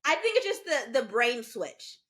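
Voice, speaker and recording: On a podcast she co-hosts, a woman in her twenties tells lively stories in a casual chat, taking on the voices of the people she quotes. Her voice is on the high side, at normal speed.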